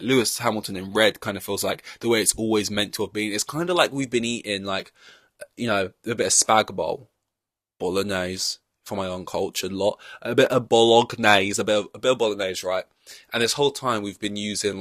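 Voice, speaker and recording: A man's voice: lowish voice, fairly bright tone, no room sound. A young man hosting a podcast in casual chat, rambling through long-winded analogies and poking fun at himself. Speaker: podcast host.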